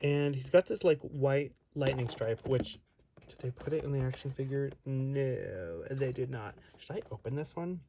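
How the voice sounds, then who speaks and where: A man's voice: medium pitch, moderate pace, vocal fry, noisy background. A man chatting casually while unboxing and reviewing an action figure, rambling and often interrupting himself. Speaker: toy reviewer.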